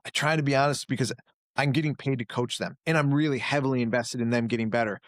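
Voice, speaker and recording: Quick-paced and medium-pitched, a jiu-jitsu coach who owns a gym chats in a casual interview with clean studio audio and no echo. He's blunt about himself and others, animated, and frequently impersonates people in a raised voice.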